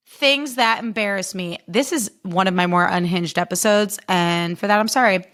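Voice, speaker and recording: A young woman hosting a casual solo podcast, chatty and animated, poking fun at herself. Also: medium pitch, normal speed, hardly any pauses. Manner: chatty, animated, self-deprecating, jumps into funny voices. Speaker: podcast host.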